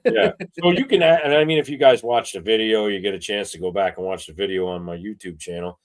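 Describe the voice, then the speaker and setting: A man co-hosting a casual chat show who rambles through animated stories full of fillers. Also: on the low side, quick pace. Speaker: co-host.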